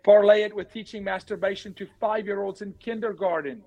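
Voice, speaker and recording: A man speaking as an interview guest, forceful and emphatic, repeating his key words. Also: high-pitched, fairly even intonation, brisk, lo-fi sound. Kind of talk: impassioned interview talk.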